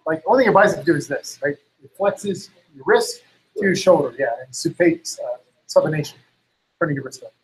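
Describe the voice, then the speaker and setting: On poor audio, a man with a fairly high, husky voice chats casually, animated and a little fast. He rambles, saying "like" and "you know" constantly, and acts out other people's lines as quotes.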